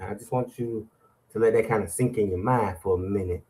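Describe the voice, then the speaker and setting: A man's voice: fairly low pitch, normal speed, warm tone. A middle-aged man, hosting a morning show with preachy, call-and-response motivational talk.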